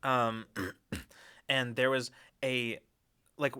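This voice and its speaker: Bright-voiced man telling stories. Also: medium pitch, extremely slow, clear, resonant tone. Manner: animated storyteller, laughs often. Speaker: podcast co-host. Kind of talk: casual chat.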